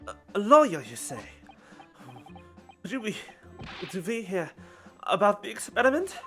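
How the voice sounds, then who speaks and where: A streamer voicing an eccentric, excitable older male professor in a deliberately clumsy German accent, stammering with excitement. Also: soft background music. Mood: excited. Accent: put-on German accent, poorly done. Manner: stammering, overexcited, high and loud.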